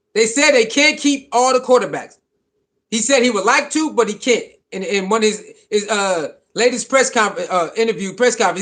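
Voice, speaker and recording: High-voiced man hosting a casual livestream. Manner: animated, repetitive, reads chat comments aloud. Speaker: livestream host.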